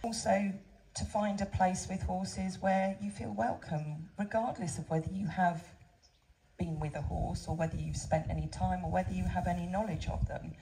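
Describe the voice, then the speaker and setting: A woman's voice: fairly low pitch, fairly even intonation, moderate pace, warm tone, slight background noise, poor audio. A middle-aged woman running a horse sanctuary, talking heartfelt and informally to visitors outdoors at a farm. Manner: heartfelt, conversational, many "you know" fillers. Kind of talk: informal talk to visiting crowd.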